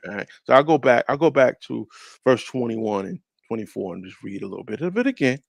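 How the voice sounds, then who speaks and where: A man leading a casual scripture discussion, moving from loud emphatic verse reading to low, slangy asides and repeating words for emphasis. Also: lively intonation, brisk, gravelly, dry recording. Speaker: podcast co-host leading a scripture study.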